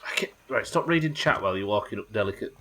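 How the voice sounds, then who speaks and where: A man's voice: on the low side, animated, fast. A young British man streaming a game live, chatting casually, laughing often and swearing freely. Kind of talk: casual live gameplay chat.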